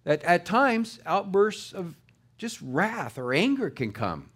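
A man's voice: sits high, very animated, takes it slowly, fairly bright tone, slightly rough. A middle-aged man preaching a sermon to his congregation in a conversational way, with rising and falling emphasis. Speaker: pastor.

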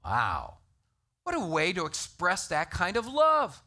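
A man preaching a sermon, emphatic and animated, citing scripture references to the congregation. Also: high voice, takes it slowly. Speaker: pastor.

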